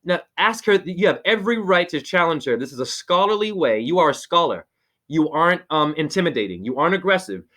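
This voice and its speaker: Preachy, rambling man, somewhat high voice. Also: lively intonation, fairly quick, fairly bright tone. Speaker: spiritual teacher giving a name reading. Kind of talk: excited casual video-call chat.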